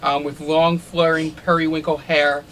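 A man's voice: on the high side, level tone, moderate pace, a bit bright, slight background noise, poor audio. A man narrating a tabletop role-playing game as game master, describing scenes with frequent ums and uhs. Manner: descriptive, filler-heavy with many ums.

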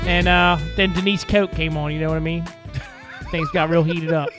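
A man's voice: a little high, fairly even intonation, over music, voice pushed down. A man hamming up a clumsy mock British bloke. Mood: goofy. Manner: clumsy mock British accent, drawn-out delivery. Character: man lounging on a sofa in a mock British accent.

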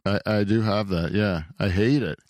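A man's voice: lowish voice, normal speed, dry recording, clean studio sound. A middle-aged man hosting a casual chat, telling stories with exaggerated disgust. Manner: animated storyteller, exaggerates with disgust.

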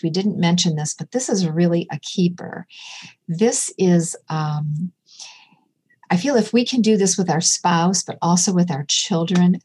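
A middle-aged woman appears as a podcast guest in casual conversation, speaking earnestly and telling stories with quoted dialogue. Her voice is low, dark and slightly rough.

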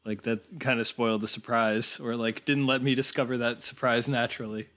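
Bright-voiced man musing about a film. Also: mid-range voice, level tone, brisk. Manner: thoughtful, hesitant with restarts. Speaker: podcast co-host. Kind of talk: casual film review chat.

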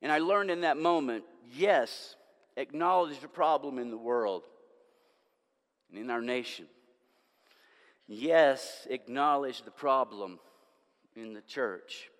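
A man preaching a sermon as a pastor, conversational, swinging between loud and hushed. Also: mid-range voice, slow, pauses often. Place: church sanctuary. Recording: long reverb of a hall.

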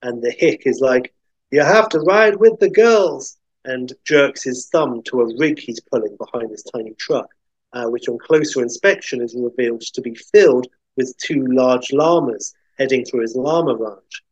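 A man hosting a podcast, telling a film pitch as a lively story full of fillers, in a dull, dry recording. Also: normal speed, husky, no room sound. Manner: animated retelling with many fillers.

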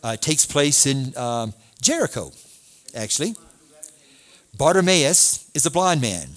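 A man's voice: medium pitch, unhurried. A man preaching a sermon as a pastor, reading scripture aloud and asking his listeners questions. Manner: animated preaching, reads scripture aloud, asks the congregation questions.

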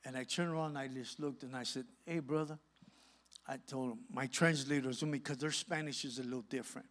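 A middle-aged man from California, a guest pastor telling a lively testimony in a sermon and acting out the dialogue. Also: mid-range voice, quick pace. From Santa Ana, California. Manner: animated storyteller acting out dialogue.

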